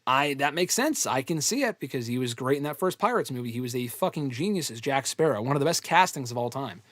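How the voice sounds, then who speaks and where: A man's voice: mid-range voice, lively intonation, fast talker, a bit bright, dry recording. A man hosting a live fan question show, talking loosely and bluntly with casual swearing. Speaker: host answering fan questions.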